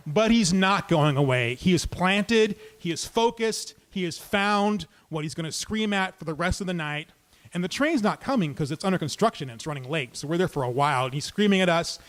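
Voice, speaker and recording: A man's voice: sits high, moderate pace, a bit bright. A man telling a true personal story live on stage, talking conversationally and dropping in comic asides.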